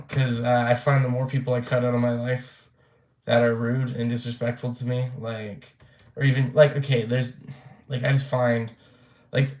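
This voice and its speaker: A man's voice: mid-range voice, darkish tone. Young man, casual vlog rant, blunt and profane, loose rambling delivery, roomy echo. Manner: rambling, blunt, swears freely, many fillers. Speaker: vlogger.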